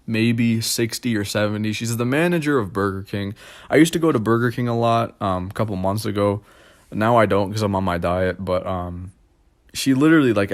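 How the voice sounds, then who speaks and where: Young adult man, slightly low voice, rambling self-deprecating vlog monologue. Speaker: vlogger. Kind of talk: casual monologue.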